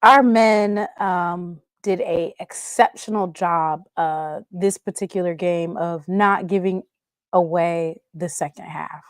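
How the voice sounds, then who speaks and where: A woman hosting a casual sports show, excitable and answering chat commenters by name. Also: on the low side, slow, no room sound, clean studio sound.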